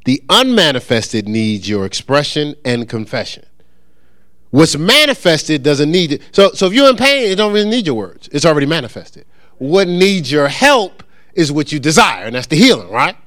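Lively, animated preacher man. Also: fairly high pitch, no echo, studio quality. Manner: call-and-response, asks congregation to answer; humorous, acts out quoted voices. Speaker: pastor. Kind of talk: interactive sermon teaching.

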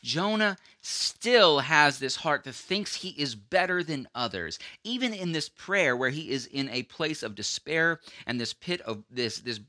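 A man delivers an earnest, conversational sermon, stumbling into restarts as he reaches for his point. His voice is strikingly bright and edged, and the recording is dry and close with no room sound. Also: a little high, lively intonation, unhurried, few pauses, no room sound. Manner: earnest, acts out quoted voices, frequent restarts. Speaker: preacher.

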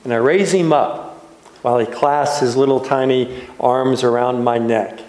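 A man, a pastor, giving a reflective sermon in a gentle, unhurried way with soft trailing pauses. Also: medium pitch, fairly even intonation, slight background noise. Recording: echoey room.

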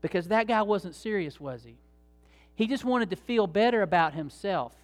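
A man's voice: sits high, lively intonation, moderate pace, faint music behind. A man preaching a sermon as pastor, in a conversational, folksy way with many fillers and restarts.

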